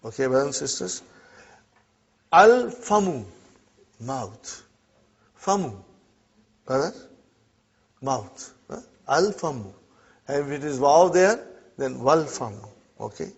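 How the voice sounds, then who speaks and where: A man's voice: mid-range voice, sing-song, slow, gravelly, pauses often, breathy edge. A middle-aged man teaching an Arabic class, drilling words and asking students "huh?" and "are you with me?". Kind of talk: classroom language lesson. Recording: muffled lo-fi classroom recording.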